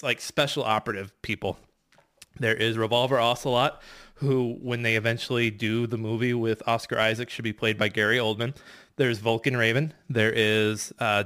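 A man's voice: medium pitch, fairly bright tone. A man racing through a casual game recap, rambling and profane, full of fillers and restarts. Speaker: podcast competitor recapping a game.

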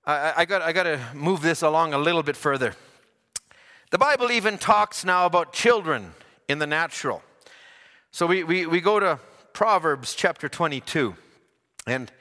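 High-voiced preacher in an echoing hall. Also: male voice. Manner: folksy, joking asides, builds to loud emphatic scripture reading. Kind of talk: sermon.

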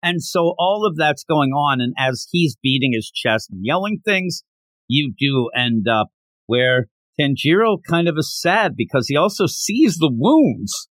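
A man co-hosting a casual manga discussion podcast, retelling scenes in an animated way and acting out the characters' lines. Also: a little high, measured pace, no room sound. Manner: animated retelling with acted-out quotes. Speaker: podcast co-host.

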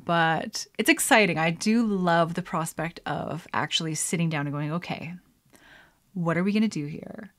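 Chatty woman podcast host, rambling. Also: on the low side. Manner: chatty and rambling, frequent laughs and fillers. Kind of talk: casual solo podcast chat.

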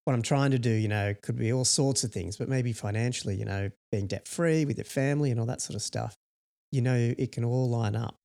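Brief: male podcast co-host, mid-pitched, loose and rambling, filler-heavy casual talk. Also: a little fast, creaky, a little mellow. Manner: rambling, heavy use of "you know" fillers. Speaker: podcast co-host, startup founder. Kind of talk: casual chat.

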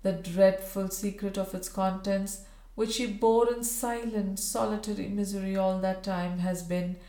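Brief: woman voicing a grave Victorian gentleman, formal, measured, echoey room. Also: mid-range voice, natural voice. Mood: sorrowful. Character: grieving proud Victorian gentleman, solemn. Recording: roomy echo.

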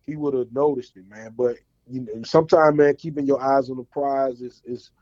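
A man's voice: medium pitch, steady tone, moderate pace, darkish tone, no echo. A man hosting a casual chat, talking in laid-back slang. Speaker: podcast host. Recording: dry, dull lo-fi sound.

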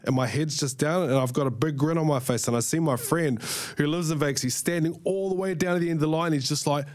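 Swearing kiwi guy telling a story. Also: a little high. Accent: New Zealand. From New Zealand. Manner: animated, swears freely, acts out scenes. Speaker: guest, fighter. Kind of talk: casual storytelling chat.

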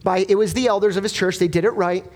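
A man with a high voice preaches from the pulpit. He is earnest and emphatic, breaking into personal stories and putting rhetorical questions to his congregation. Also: fairly even intonation, fast, darkish tone. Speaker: pastor. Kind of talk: sermon.

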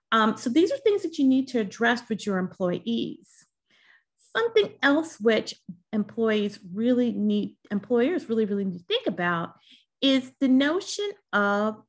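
A woman in her fifties talking to employers about workplace issues, earnest and pausing often with ums and restarts. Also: mid-range voice. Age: 50s. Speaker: HR commentator. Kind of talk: unscripted talk to employers.

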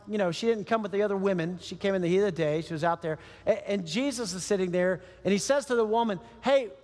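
A man's voice: sits high, long reverb tail. A man preaching a sermon as a pastor, telling a story animatedly and acting out the voices of the people in it.

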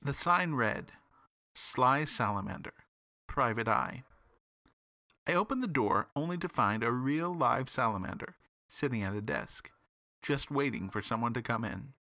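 A man reading his own comic detective story aloud in an animated, playful way. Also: mid-range voice, moderate pace, no echo.

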